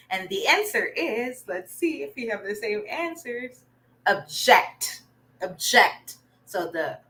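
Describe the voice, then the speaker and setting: A young Filipino woman teaching a live online reading lesson, warmly praising her viewers as they answer. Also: fairly high pitch. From Philippines. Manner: encouraging, lively, praising viewers often.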